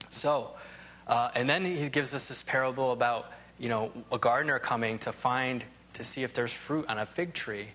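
A man of middle pitch giving a Bible lesson, speaking in a relaxed, unscripted way. He wanders through asides and restarts his thoughts as he goes. His tone stays friendly and plain throughout. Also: a little hiss or hum. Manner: rambling, full of "you know" asides and restarts. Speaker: Bible teacher. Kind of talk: conversational Bible teaching.

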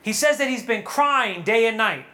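A woman giving a sermon to young adults at a retreat, animated and asking the audience questions. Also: on the high side, moderate pace. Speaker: retreat speaker. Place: retreat hall.

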